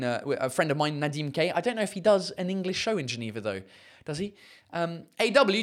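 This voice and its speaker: A man's voice: fairly high pitch, fairly bright tone. Rambling man chatting with viewers. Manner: rambling, swears casually, frequent fillers. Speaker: comedian and podcast host. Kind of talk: casual live-stream chat reading comments.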